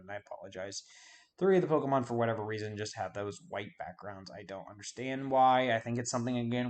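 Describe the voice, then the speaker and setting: A man's voice: medium pitch, darkish tone. A man giving casual video game commentary, rambling and forgetting names with self-deprecating asides. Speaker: YouTube host.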